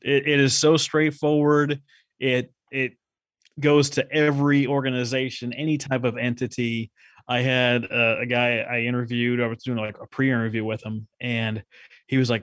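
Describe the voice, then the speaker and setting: A man's voice: medium pitch, fairly even intonation, moderate pace, a bit bright, no echo. A man guesting on a podcast, talking casually and directly, full of enthusiasm and stories. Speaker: podcast guest, nonprofit consultant. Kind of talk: casual interview chat.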